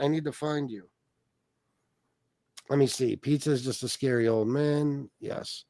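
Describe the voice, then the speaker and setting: A man's voice: mid-range voice, unhurried, pauses often, a little mellow, no echo. A man hosting a casual livestream who reads chat aloud and rambles with plenty of profanity. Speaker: livestream host.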